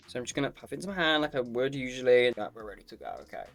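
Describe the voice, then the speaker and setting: A man chatting through a makeup review, camp and cutting, with plenty of swearing. His voice sits at a middling pitch, and he keeps calling the viewer "girl". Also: very fast, creaky, over loud music. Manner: sassy, campy and profane, calls the viewer "girl". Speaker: makeup vlogger. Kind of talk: casual makeup review to camera.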